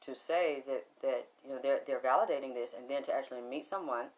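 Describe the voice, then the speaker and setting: A woman's voice: rumbling low, quick pace. A middle-aged woman with a Southern Atlanta accent, chatting casually on a livestream, laughing often and talking back to viewer comments. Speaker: livestream host.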